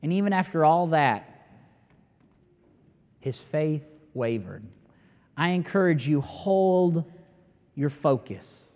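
A man preaching with a notably high voice, pressing his points hard and letting long pauses hang. His sermon rings out with a long, lingering reverb, as if filling a big church sanctuary. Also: expressive. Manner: emphatic, rising to near-shouting at climaxes with long dramatic pauses. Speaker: pastor. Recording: long reverb of a large hall.

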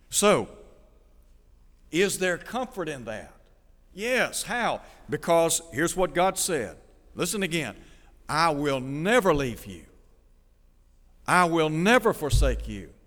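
A man's voice: fairly high pitch, fairly bright tone, big-room sound. A man preaching a sermon, reading scripture and putting questions to his listeners. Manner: asks the listeners rhetorical questions.

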